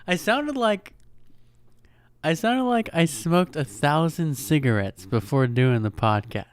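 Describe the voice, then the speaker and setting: A man's voice: on the high side, lively intonation, takes it slowly, dry recording. A young man hosting a casual solo podcast, rambling along in a laid-back way, joking, swearing, and calling the listener "dude" and "man.". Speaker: podcast host.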